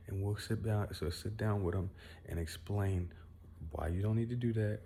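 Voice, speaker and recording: A young man with a deep, mellow voice vents straight into his phone at home. He rambles, boasts about himself and swears as he goes. Faint room noise hums behind him. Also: moderate pace. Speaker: vlogger. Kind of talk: casual venting monologue.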